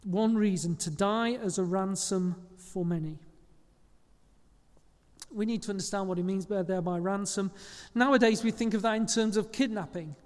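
High-voiced male preacher in a reverberant hall. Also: normal speed, darkish tone. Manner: conversational preaching with small slips and self-corrections. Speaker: pastor. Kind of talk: sermon.

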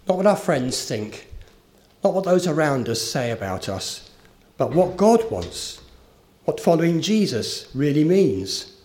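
Guy giving a sermon, earnest, voice a bit high and lively. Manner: earnest, rising emphasis on key phrases. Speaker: preacher.

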